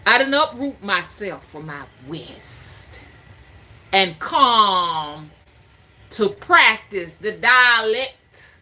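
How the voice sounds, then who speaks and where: A woman's voice: mid-range voice, lively intonation, extremely slow, bright, forceful tone. A Southern woman over fifty, a spiritual reader, talking to camera in a folksy, emphatic, preaching cadence. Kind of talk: casual talk to camera.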